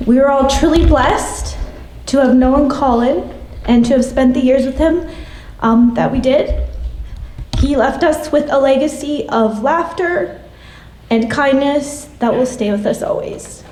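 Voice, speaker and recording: A woman in her late thirties reading a prepared memorial tribute in a measured, gentle way. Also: sits high, a little hiss or hum. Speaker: classmate giving a memorial tribute. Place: church hall. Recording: echoey hall from a distance.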